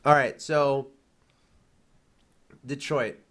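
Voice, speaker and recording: A man's voice: mid-range voice, steady tone, very slow, fairly bright tone. A man hosting a casual esports chat show, his voice nasal from a cold, often stumbling over the first words. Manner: stammering, repeats words at starts. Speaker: host and caster.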